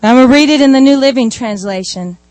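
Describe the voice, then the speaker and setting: High-voiced woman preaching. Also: quick pace, no echo. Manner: animated storytelling with asides. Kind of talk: sermon.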